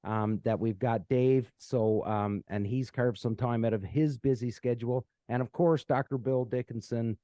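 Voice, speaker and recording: A man's voice: mid-range voice, normal speed, few pauses, dark tone, dry recording. A man hosting a podcast, chatting casually with many fillers and restarts, from Canada. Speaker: podcast host. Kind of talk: casual chat.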